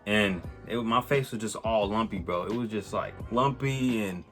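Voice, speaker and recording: A man telling a personal story on his vlog in a casual, animated way, swearing and using lots of slang, with many restarts. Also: on the low side, normal speed. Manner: animated, profane, slang-heavy, rambling with restarts. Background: faint music.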